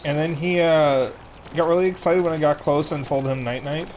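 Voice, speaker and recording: A man streaming a game, chatting casually and telling animated stories between rounds. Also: a little high, moderate pace, a little hiss or hum. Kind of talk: casual gaming chat.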